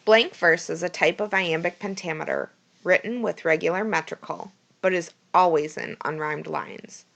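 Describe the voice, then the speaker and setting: A woman's voice: lowish voice, moderate pace, vocal fry, a bit bright, lo-fi sound. A woman reading a prepared school presentation plainly from her notes, with small slips and restarts.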